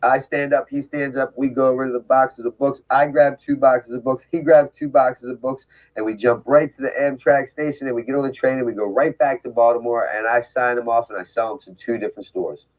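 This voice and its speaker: A man's voice: mid-range voice, fairly even intonation, a little fast, hardly any pauses, rough recording. A man giving a candid, emphatic talk about his past, with frequent rhetorical asides. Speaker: speaker telling his recovery story. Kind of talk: personal storytelling talk.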